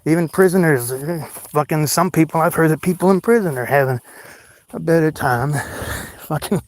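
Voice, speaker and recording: A man's voice: on the high side, moderate pace, no echo. A man from Oklahoma rambling and swearing to his viewers as he walks through a cemetery at night, talking into a handheld phone. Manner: profane, rambling, self-deprecating, talks to viewers. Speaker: livestream vlogger. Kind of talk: rambling late-night livestream walk.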